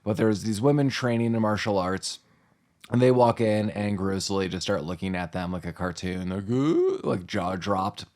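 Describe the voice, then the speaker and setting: A man's voice: sits low, fairly even intonation, normal speed, darkish tone. A man co-hosting a podcast, rambling and laughing as he talks through a film. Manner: giggly, rambling with fillers. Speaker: podcast co-host. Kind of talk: casual movie recap chat.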